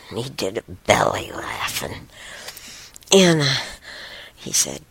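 A woman telling a personal story and teaching about spirits slowly, with halting pauses and a voice that slips into a breathy whisper. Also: rumbling low, very animated, sharp tone, no room sound. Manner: drifts into a breathy whisper often; halting, with many restarts and pauses.

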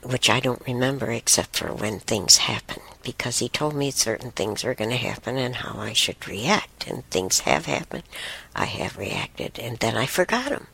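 A woman telling a personal story and teaching about spirits slowly, with halting pauses and a voice that slips into a breathy whisper. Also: rumbling low, fairly bright tone. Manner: drifts into a breathy whisper often; halting, with many restarts and pauses.

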